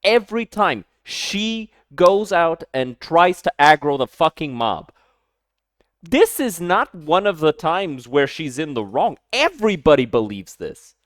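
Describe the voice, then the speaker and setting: A man reacting live as a streamer, casual and heated, swearing and breaking into loud sudden outbursts. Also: on the high side, very animated, a little slow, no room sound, clean studio sound.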